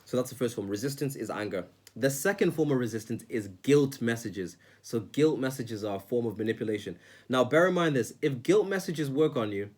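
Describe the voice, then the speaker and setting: A man's voice: mid-range voice, a little mellow. A man giving self-help advice in a casual, earnest monologue, often repeating words and restarting sentences.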